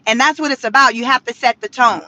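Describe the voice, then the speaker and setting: A woman vlogging from inside a car, giving sassy, animated commentary and laughing often. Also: on the high side, quick pace. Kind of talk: casual commentary vlog.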